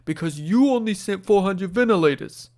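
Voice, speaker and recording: A man's voice: high-pitched, expressive, normal speed, a little mellow, voice pushed up. Brash middle-aged male politician with a thick New York accent, as a man does a put-on impression; pushy and overblown. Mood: indignant. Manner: exaggerated, blustery impression.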